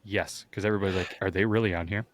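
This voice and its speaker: A man's voice: sits low, steady tone, racing, no room sound. A man co-hosting a podcast in casual chat, wry and teasing, acting out what others said. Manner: wry, teasing, acts out quoted voices. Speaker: podcast co-host.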